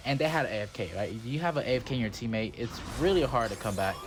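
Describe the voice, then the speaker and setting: A man's voice: mid-range voice, animated, rapid-fire, noisy background. A man giving casual, rambling gameplay commentary as a channel host, full of "like" fillers. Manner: rambling and chatty, with many "like" fillers. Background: background music.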